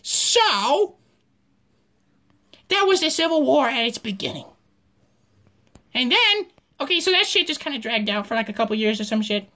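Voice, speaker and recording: A woman's voice: sits high, very animated, normal speed, long pauses, sharp tone, heavily acted. A woman voicing a goofy cartoon giraffe who teaches history in an offhand, crude way, full of fillers and swearing. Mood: flippant. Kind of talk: comedic cartoon narration.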